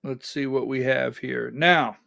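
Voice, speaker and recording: A man's voice: medium pitch, fairly even intonation, unhurried, vocal fry, pushed and bright, dry recording, studio quality. A man hosting a conservative political talk show, giving sarcastic, emphatic commentary and calling directions to his producer.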